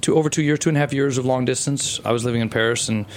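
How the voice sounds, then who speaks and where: A man's voice: medium pitch, very fast. A middle-aged man telling a long story as a guest in a casual interview, rambling with many fillers and restarts.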